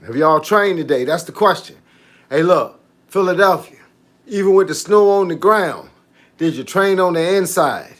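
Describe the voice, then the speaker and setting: This man's voice is on the high side and a bit bright. He's a fitness coach chatting casually on a live stream, relaxed and repeating "hey, look" as he reads out viewer comments and responds to them.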